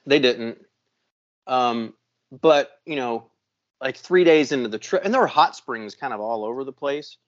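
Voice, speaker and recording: A man hosting a podcast, telling a long story in a casual, profane, animated way. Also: mid-range voice, unhurried, dull audio. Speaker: podcast host.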